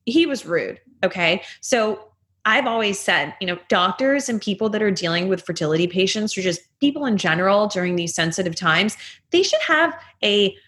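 Female guest, casual chatty storyteller, animated and dramatic, acts out the dialogue she quotes. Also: mid-range voice, moderate pace. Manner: animated, chatty, leans heavily on "like". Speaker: guest telling a personal story.

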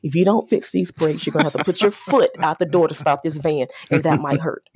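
A woman's voice: deep voice, brisk, a little mellow, breathy edge, no room sound. A woman who runs an auto repair shop, a guest on a podcast, telling humorous customer stories and acting out the dialogue. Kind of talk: casual podcast conversation.

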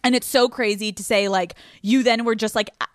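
A woman's voice: fairly high pitch, fairly even intonation, brisk, no echo, clean studio sound. A woman in her late twenties hosting a podcast, bubbly and chatty, swearing freely in casual chat with a friend. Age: late 20s. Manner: bubbly, swearing, frequent laughing. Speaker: podcast host.

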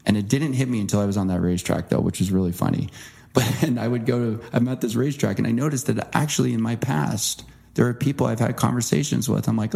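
Male interview guest, low mellow voice with some fry, earnest storyteller. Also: brisk. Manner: earnest, animated impressions when quoting. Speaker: guest author.

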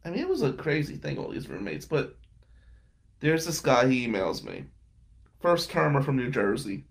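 Gravelly and mid-pitched, his voice swings wildly up and down as he speaks at a moderate pace. He's a podcast guest sharing wry, casual stories about old roommates and girlfriends, with frequent laughs.

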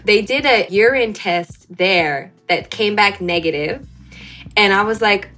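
A woman's voice: unhurried, faint music behind. A young woman, a guest in a casual interview, recounting a personal story and acting out the dialogue with big jumps in her voice. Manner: animated, acts out quoted dialogue with big pitch jumps.

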